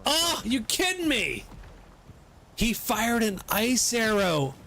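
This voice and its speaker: A middle-aged man giving live commentary on his gameplay, excitable, swearing and laughing often. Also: very high voice, slow, slight background noise. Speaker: game streamer.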